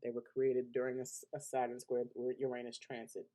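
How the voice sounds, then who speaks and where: A man's voice: mid-range voice, monotone, a little fast, mellow. A man giving a weekly astrology forecast in a casual, unscripted monologue. He is emphatic, often laughs between points, and talks loosely with restarts. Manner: loose colloquial speech with restarts.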